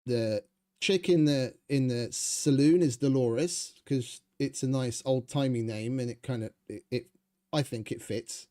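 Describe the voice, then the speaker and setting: Man, gaming streamer, casual commentary, mellow tone, chatty, swears freely. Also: mid-range voice, a little slow.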